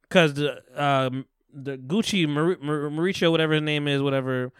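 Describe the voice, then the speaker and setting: Animated man rambling in casual chat. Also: a little high, moderate pace, hardly any pauses, smooth, dry recording, clean studio sound. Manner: rambling, animated retelling with profanity and acted-out quotes. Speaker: podcast host.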